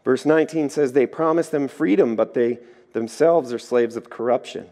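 A man preaching a sermon, telling stories in a lively way and acting out the voices in them. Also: medium pitch, normal speed. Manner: lively storytelling, acts out voices. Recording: echoey hall.

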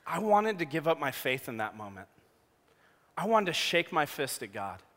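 A man in his thirties preaching a sermon, telling a personal story with jokey asides, going from hushed to loud. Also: a little high, sing-song, normal speed. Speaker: pastor. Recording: long hall reverb.

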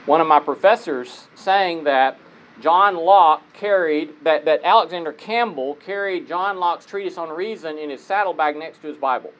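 A man's voice: fairly high pitch, a bit bright, lo-fi sound. A man speaking conversationally to an audience, telling personal stories and asking listeners rhetorical questions. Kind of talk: conversational lecture.

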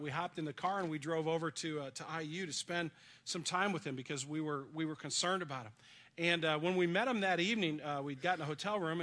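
A middle-aged male pastor with a high, bright voice delivers an earnest sermon. He moves between storytelling and soft, hushed moments of comfort.

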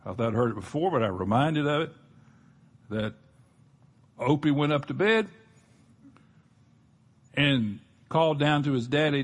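A man's voice: mid-range voice, animated, unhurried, long pauses. A middle-aged man preaching a sermon as a pastor, plain-spoken and emphatic, often restarting his sentences.

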